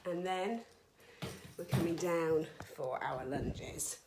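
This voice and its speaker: A woman's voice: fairly low pitch, slow pace, reverberant, very noisy. A woman leading a home workout as a fitness instructor, counting reps aloud and getting out of breath as she exercises along. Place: home room.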